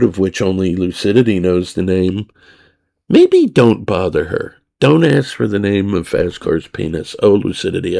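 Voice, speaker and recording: Slow, gravelly man telling a story. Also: on the low side, mellow. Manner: rambling, blunt, acts out both sides of the story. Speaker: podcast host. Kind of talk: crude storytelling monologue.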